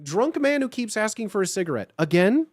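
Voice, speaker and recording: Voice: medium pitch, very animated, brisk, dry recording, studio quality. A livestreamer talking casually with chat, reassuring and blunt, often repeating lines and joking.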